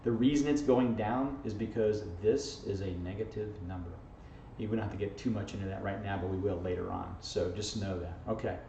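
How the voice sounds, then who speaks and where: In a playful, joke-filled algebra class filmed as an informal video, the teacher keeps asking "okay?" and "right?". He speaks a little fast in a lowish, steady, creaky and mellow voice. Recorded from across the room, the audio is echoey, distant and dull, faintly hissing.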